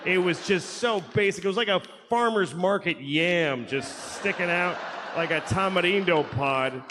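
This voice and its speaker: High-pitched and measured, this comedian works through a stand-up set recorded in a live hall full of audience noise. He rambles sardonically, puts himself down, and keeps restarting his lines.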